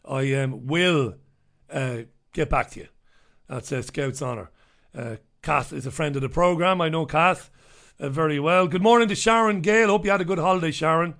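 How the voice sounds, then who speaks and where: A man's voice: on the high side, normal speed, gravelly, fairly bright tone. A middle-aged man hosting a radio show, chatting casually and bluntly as he reads out listener messages.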